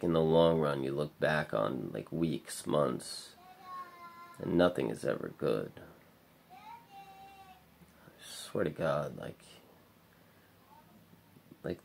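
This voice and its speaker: Low gravelly man, bleak rambling vlog. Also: a little mellow, slight background noise. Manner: bleak, rambling, heavy swearing and filler words. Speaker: vlogger. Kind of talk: confessional vlog monologue.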